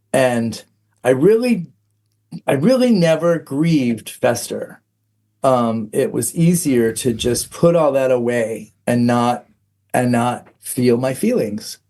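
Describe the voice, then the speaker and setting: A man's voice: mid-range voice, darkish tone. A middle-aged man, a podcast guest, telling a personal story candidly, frank and self-mocking, with plenty of "um"s.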